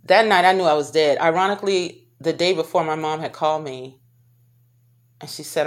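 A woman with a deep, low voice recounts her own experience to her viewers. She speaks in an emotional, halting way, often breaking off and starting her sentences over. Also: steady tone. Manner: halting and emotional, with many restarts. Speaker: vlogger telling her own story. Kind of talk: personal testimony to camera.

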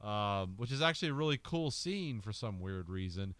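A man co-hosting a film podcast, rambling and joking, sometimes shouting out quoted lines. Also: fairly low pitch, animated, moderate pace, dry recording. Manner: rambling, jokey, acts out lines in loud bursts. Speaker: podcast co-host. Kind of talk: casual film discussion.

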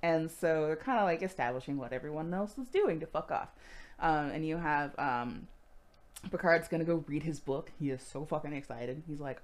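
A woman's voice: deep voice, normal speed. A woman co-hosting a podcast, recapping casually with lots of swearing and laughter. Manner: profane, animated, acts out characters with laughs. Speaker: podcast co-host.

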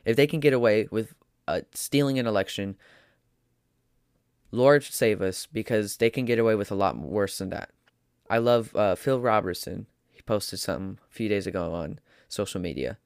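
A man's voice: lowish voice, moderate pace, a little mellow, smooth, no echo, clean studio sound. A man delivering an opinion monologue as a podcast host, emphatic and preachy, hammering points through repetition.

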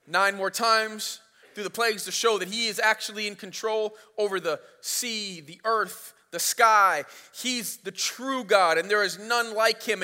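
A man's voice: high voice, sharp tone. A man preaching a sermon as pastor, retelling the story in a casual, playful way. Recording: reverberant hall.

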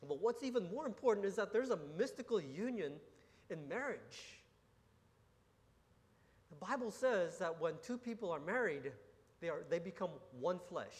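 A man preaching a sermon, his voice a bit higher than most men's. He teaches earnestly, restarting phrases and tossing out rhetorical questions. A long reverb trails off his words in a large church hall. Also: animated, normal speed. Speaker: pastor.

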